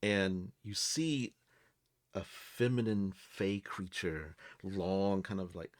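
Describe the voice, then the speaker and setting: A man narrating a tabletop role-playing game as game master, describing scenes in a slow, hesitant way. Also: sits low.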